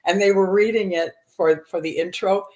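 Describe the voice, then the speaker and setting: A woman's voice: medium pitch, steady tone, moderate pace, darkish tone. A woman in her seventies from Texas, a comedian talking openly about her life as a podcast guest, laughing often and using many fillers. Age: 70s. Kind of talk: candid personal storytelling.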